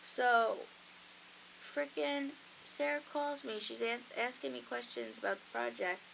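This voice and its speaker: A woman's voice: fairly high pitch, unhurried, gravelly, noisy background. A young woman hosting a college radio show, chatting casually and acting out the voices in her stories. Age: young adult. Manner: chatty storytelling, acts out quoted voices. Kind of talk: casual chat.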